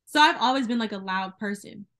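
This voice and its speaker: Fast-talking young woman from the South. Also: medium pitch. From American South. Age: young adult. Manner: fast-talking, loud, emphatic. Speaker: podcast co-host. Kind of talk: casual chat.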